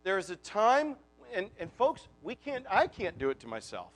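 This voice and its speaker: A man's voice: high-pitched, huge pitch swings, normal speed, fairly bright tone, soft background music. A male preacher giving a conversational sermon full of rhetorical questions. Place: church.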